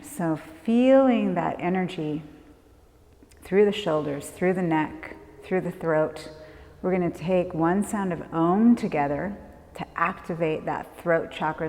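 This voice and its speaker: A woman leading a prenatal yoga class, giving calm, gentle movement and breath cues. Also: on the low side, moderate pace. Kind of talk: guided yoga class instruction. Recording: long hall reverb.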